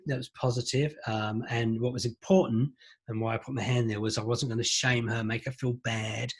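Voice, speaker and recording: Husky-voiced man telling a case story. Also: mid-range voice. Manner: relaxed storytelling, acts out both sides of a conversation. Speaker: psychologist and trainer.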